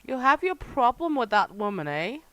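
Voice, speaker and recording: A woman's voice: on the high side, very animated, normal speed. A woman streamer chatting casually with viewers while playing a game, teasing regulars by name. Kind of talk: casual livestream chat with viewers.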